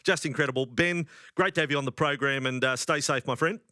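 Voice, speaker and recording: A man's voice: mid-range voice, quick pace, pushed and bright, dry recording, studio quality. An Australian man hosting a televised sports interview, chatty and admiring with a jokey edge. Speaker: sports TV host.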